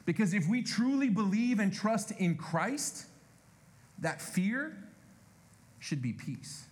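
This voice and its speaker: Animated, higher-voiced male preacher. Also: takes it slowly, long pauses. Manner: conversational, animated, addresses congregation directly. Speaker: pastor. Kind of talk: sermon.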